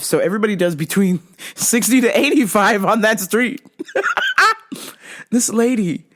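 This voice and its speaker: A woman in her thirties hosting a podcast, telling a story in a casual, animated way, laughing often and swearing freely. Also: deep voice. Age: 30s. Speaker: podcast host.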